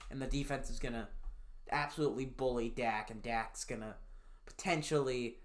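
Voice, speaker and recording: A man's voice: medium pitch, steady tone, moderate pace. Sarcastic, cussing young-sounding man. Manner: profane, sarcastic ranting; jumpy loudness, from fired-up to glum mutters. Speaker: NFL picks YouTuber. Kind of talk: casual sports predictions.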